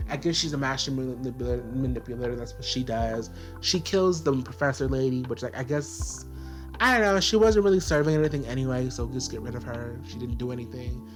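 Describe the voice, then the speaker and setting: A man's voice: mid-range voice, a little fast, soft background music. A man giving a casual video review, talking in a sassy, exasperated way and filling his speech with "like". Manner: sassy, filler-heavy, exasperated ranting. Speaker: TV show reviewer.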